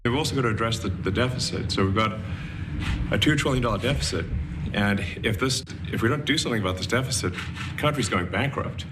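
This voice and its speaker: Man, lowish voice, halting formal speech, noisy playback clip. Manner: halting, repeats words, measured. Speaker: speaker in a played clip.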